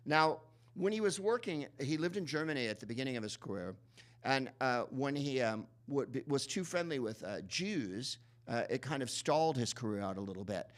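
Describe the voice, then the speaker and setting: Introducing a film live at the cinema, this man jokes his way through a sardonic, rambling intro full of ums and false starts. He talks at a moderate pace, his middling-pitched voice rising and falling with lively intonation.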